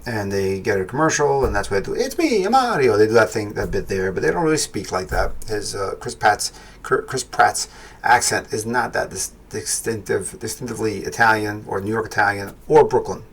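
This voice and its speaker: A man talks through a film review as host of his own show, rambling and unscripted, with plenty of fillers and restarts. His voice sits low and gravelly with a husky edge. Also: moderate pace, fairly bright tone. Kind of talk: casual spoken film review.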